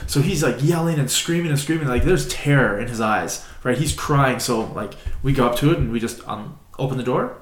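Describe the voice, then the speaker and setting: A man co-hosting a podcast, telling a story in a casual, animated, rambling way and using "like" often. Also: mid-range voice, brisk, few pauses. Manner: animated, rambling, many "like" fillers. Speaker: podcast co-host. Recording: roomy echo.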